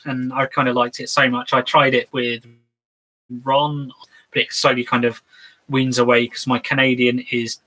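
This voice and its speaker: A man's voice: mid-range voice, little pitch movement, normal speed, sharp tone, poor audio. A man co-hosting a casual tabletop gaming chat, talking in a rambling, hesitant way with lots of fillers. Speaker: co-host.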